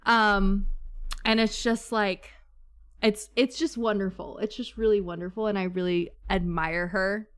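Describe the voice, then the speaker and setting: A woman hosting a casual book club chat, bubbly and laughing often, with quick asides. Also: medium pitch, fairly even intonation, smooth.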